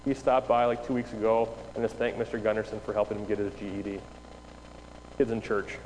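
A youth pastor telling a story to an audience, acting out the dialogue with lots of energy. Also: male voice, lowish voice, level tone, brisk, a little mellow. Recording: reverberant hall with faint noise.

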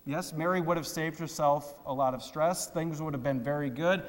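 A man's voice: on the high side, normal speed, in a large hall. A man preaching a sermon, asking rhetorical questions and acting out quoted complaints. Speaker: pastor.

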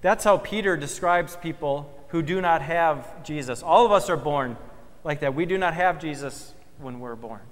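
Male pastor, fairly high voice, dramatic sermon delivery, long church reverb. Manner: emphatic, swells loud then drops soft and slow. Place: church sanctuary.

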